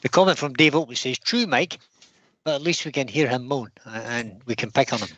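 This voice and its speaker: Chatty livestream host. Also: male voice, mid-range voice, brisk, a bit bright, no echo, lo-fi sound. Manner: reads out long lists of names, laughs easily. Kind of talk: casual livestream chat.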